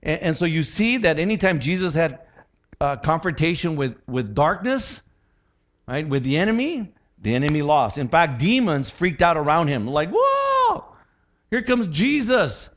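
Animated preacher man, muffled sound. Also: fairly high pitch, normal speed. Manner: animated, acts out quotes and voices. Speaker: pastor. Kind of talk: sermon.

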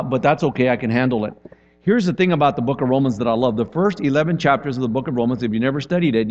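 A man's voice: medium pitch, dull audio. A male pastor giving a conversational sermon, often acting out quotes from people in his stories. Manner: conversational and animated, with acted-out quotes.

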